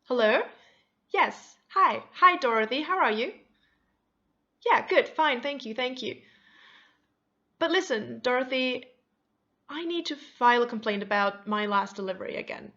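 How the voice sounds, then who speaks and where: A woman's voice: mid-range voice, expressive, fast talker, hardly any pauses, sharp tone, lo-fi sound. A woman acting out a friend on a phone complaint call who is overly thankful to the agent but firm in her demands. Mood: sweet but firm.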